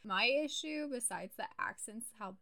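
A woman's voice: fairly high pitch, animated, moderate pace, gravelly, pushed and bright. A young adult woman co-hosting a podcast in casual chat, blunt, sarcastic and emphatic. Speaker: podcast co-host.

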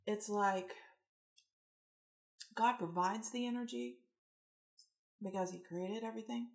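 A woman giving a casual spiritual-coaching talk, animated and rambling, acting out the quotes in her stories. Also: medium pitch, unhurried.

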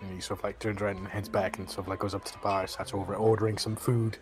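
A man's voice: on the low side, level tone, fast talker, faint music behind. A man narrating a tabletop fantasy game as game master, rambling and full of fillers.

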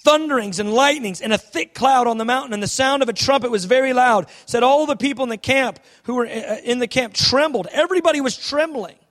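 A man preaching a sermon, dramatic, swinging between shouts and hushed tones. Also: very high-pitched, a little fast, few pauses.

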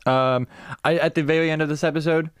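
A man's voice: a little high, steady tone, fairly quick, clean tone, no echo, studio quality. A man hosting a podcast, chatting loosely and playfully with a friend. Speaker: podcast host. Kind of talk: casual chat.

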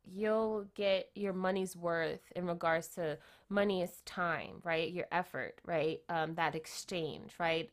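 Chatty woman giving a tarot reading. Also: lowish voice. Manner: chatty, keeps adding "right?" tag questions; repeats and restarts phrases. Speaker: tarot reader. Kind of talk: casual tarot reading talk.

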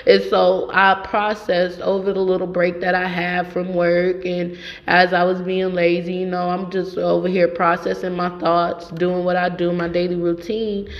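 A woman's voice: on the low side, a bit bright. A young adult woman hosting a podcast, telling a story in a rambling, profane and emphatic way. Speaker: podcast host. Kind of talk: casual monologue. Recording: dull sound with long reverb.

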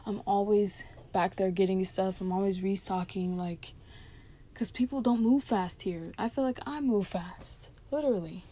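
A young woman casually telling a long story about her fast-food job, chatty and full of fillers, quoting her coworkers as she goes. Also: medium pitch, darkish tone.

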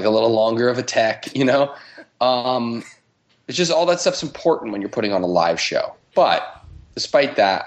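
A man, a film director guest on a podcast, talking in an emphatic, driven way. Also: lowish voice. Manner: emphatic, driven, talks about craft intensely. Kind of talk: casual interview talk.

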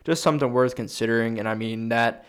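A young man talks sports on a casual podcast, swearing freely and thinking out loud as he goes. His voice sits at a middling, ordinary pitch. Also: fast, smooth. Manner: profane, rambling, thinks aloud. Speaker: podcast co-host.

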